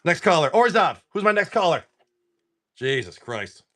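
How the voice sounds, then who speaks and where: A man hosts a casual card-opening livestream from home. He talks in an excitable, swear-filled way and exclaims over each pull. His voice is bright and forceful, and his pitch swings widely. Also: normal speed.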